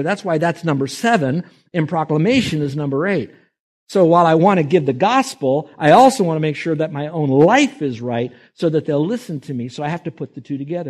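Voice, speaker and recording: A man's voice: a little high, a little mellow. A man preaching a sermon in an earnest, conversational way, rising emphatically to make his points.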